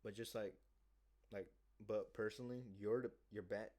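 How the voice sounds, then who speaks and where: A man in a casual vlog monologue, rambling cockily and with profanity as he acts out a sales pitch. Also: fairly even intonation, moderate pace, darkish tone. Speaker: sales job seeker.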